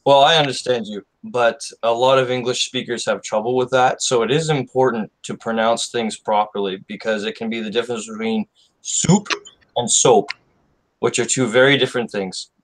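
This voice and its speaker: A man speaking as a native English co-host in a casual chat, relaxed and joking at times. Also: mid-range voice, brisk, hardly any pauses, rough recording.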